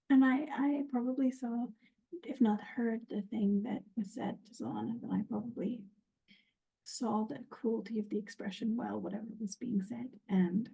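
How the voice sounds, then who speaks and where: Woman player talking slow, husky and mellow, kinda hesitant. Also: on the high side, rough recording. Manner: slow, hesitant, thinking aloud. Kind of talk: casual game table chat.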